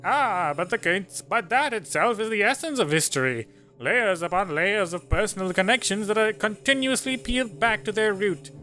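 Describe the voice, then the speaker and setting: A man voicing a courteous, rambling old male historian who talks in a slow, formal way, with faint game music behind. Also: sits high, lively intonation, bright, forceful tone, voice pushed up. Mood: musing.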